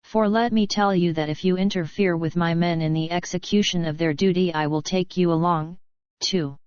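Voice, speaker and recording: A curt young army captain speaks with cold deliberation, read by a woman in her own lowish, smooth voice. The delivery is dry and clipped. The recording sounds dull and close, with no room around it. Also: fairly even intonation, normal speed, a little mellow, dry recording, close to an everyday voice. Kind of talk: audiobook narration.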